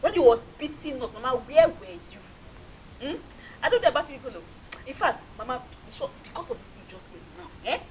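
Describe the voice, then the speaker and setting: A woman's voice: high voice, lively intonation, fast talker, a little mellow, slight background noise, low-quality recording. An actress playing a resentful Nigerian wife who defies her mother-in-law. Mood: defiant. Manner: defiant. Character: defiant, resentful young wife. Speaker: one of the wives.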